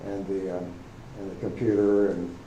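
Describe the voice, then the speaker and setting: A man's voice: low voice, flat delivery, normal speed, dark tone, muffled recording. A man at a club meeting, casually and hesitantly explaining his telescope setup. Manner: hesitant, many fillers and restarts. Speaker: club member. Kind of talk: casual chat. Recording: roomy meeting hall, faint hum.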